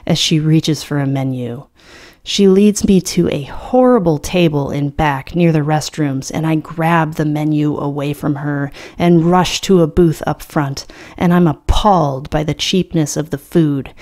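A woman reading a novel aloud as a dramatic audiobook, in a slow, deliberate, low-key delivery. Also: steady tone, warm tone. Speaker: audiobook reader.

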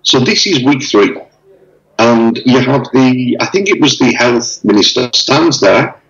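A man chatting casually on a video call, telling stories with lively acted-out dialogue. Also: medium pitch, a little slow, creaky, highs cut off, soft background music. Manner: animated storyteller, acts out dialogue. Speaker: interviewee.

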